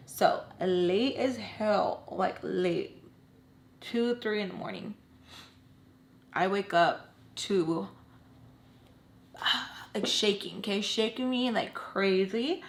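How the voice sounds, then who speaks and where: A young woman in her twenties telling an emotional story from her own life, animated and emphatic, often stressing points with "okay?". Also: mid-range voice, takes it slowly, pauses often. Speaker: storytime vlogger. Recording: roomy echo.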